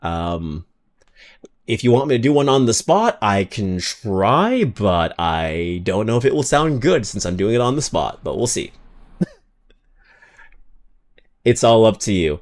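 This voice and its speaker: A man chatting casually on a live stream, rambling and excitable, dropping into low mutters and then bursting into loud thank-yous for viewers. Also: a little slow, long pauses.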